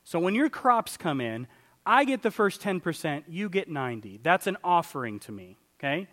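Man in a church sanctuary, preaching with lively pitch, big swings between loud and quiet. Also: normal speed, in a large hall. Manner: animated, swings from loud exclamations to quiet asides. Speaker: pastor. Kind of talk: sermon.

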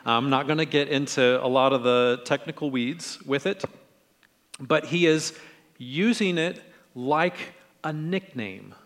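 A middle-aged man preaching a conversational sermon in a relaxed, friendly way, acting out quoted lines in different tones. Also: medium pitch, unhurried, long reverb tail. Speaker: pastor.

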